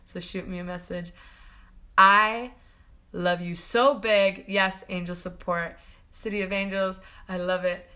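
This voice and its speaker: Woman, spiritual coach on a live stream: bright, vivid tone, effusive and affectionate, loose rambling delivery full of fillers. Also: mid-range voice, fairly even intonation, measured pace. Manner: gushing and affectionate, laughs often. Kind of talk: live-stream talk to viewers.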